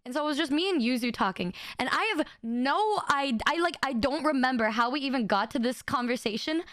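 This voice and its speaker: Young woman streamer telling a funny story, high voice, super animated, laughs a lot, trips over her words, dry close sound. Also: no echo. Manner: animated, laughing often, restarts and stammers; acts out friends' lines in quick high bursts. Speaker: VTuber streamer. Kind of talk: casual storytelling.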